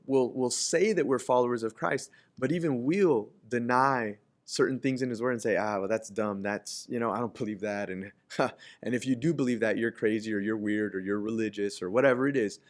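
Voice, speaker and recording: A male pastor delivering a sermon in an earnest, conversational way at a medium pitch. He often stumbles and repeats words, then climbs higher and louder to proclaim the scripture. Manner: emphatic, repeats and restarts phrases, voice swells on scripture quotes.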